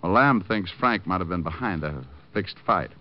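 An actor playing a wisecracking private detective who narrates and trades dry, sarcastic quips, in 1950s radio drama style. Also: male voice, sits low, animated, moderate pace. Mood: wry. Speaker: narrator and lead. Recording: dull lo-fi old radio recording with music behind.

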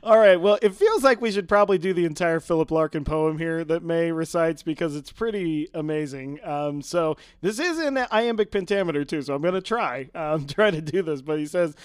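A man's voice: on the high side, a little fast, few pauses, smooth, no echo, studio quality. A man co-hosting a podcast in casual chat, laughing often and reading quotes out with gusto. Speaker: podcast co-host.

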